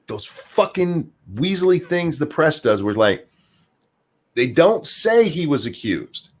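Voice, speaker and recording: Southern guy ranting on a podcast, voice swings up and down a lot, swears a bunch. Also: mid-range voice. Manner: animated, profane, repeats words when starting sentences. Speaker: podcast co-host. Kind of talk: casual ranting chat.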